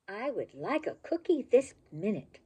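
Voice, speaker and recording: A woman voicing a small, hopeful, polite male puppy in a storybook, with a high, eager and pleading manner. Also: sing-song, unhurried, dark tone, slightly rough, heavily acted.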